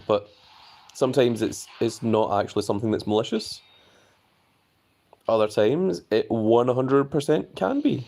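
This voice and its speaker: A man's voice: lowish voice, gravelly, warm tone. A man hosting a casual live stream, chatting loosely and reading viewer messages aloud.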